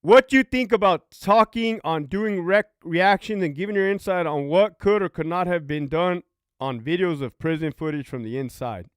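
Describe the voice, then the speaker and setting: A man's voice: high-pitched, moderate pace, clean tone, no room sound, clean studio sound. A man hosting a casual livestream, talking profanely and reading out viewer comments. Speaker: livestream host, former prison officer.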